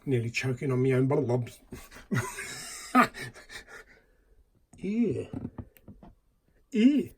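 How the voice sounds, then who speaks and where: A man's voice: medium pitch, sing-song, very slow, long pauses, breathy edge. A man hosting a casual, jokey unboxing vlog, often dropping into whispered asides. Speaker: YouTube host.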